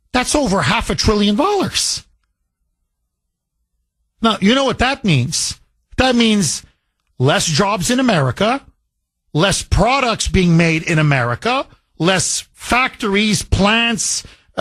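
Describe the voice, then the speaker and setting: Man from Canada, talk radio host, high voice, dry close studio sound, emphatic, repeats lines for effect. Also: very animated, measured pace, long pauses, fairly bright tone, no room sound. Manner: emphatic, repeats key phrases for punch. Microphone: studio microphone.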